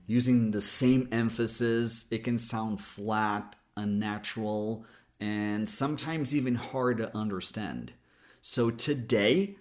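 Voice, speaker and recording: A man with an American accent explaining English rhythm as a coach, in a calm, explanatory way that stretches key words. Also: mid-range voice. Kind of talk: English pronunciation lesson.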